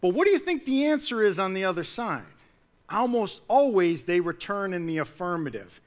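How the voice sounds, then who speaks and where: A man preaching a sermon in an earnest manner, building to loud emphatic peaks and then dropping low. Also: big pitch swings, normal speed.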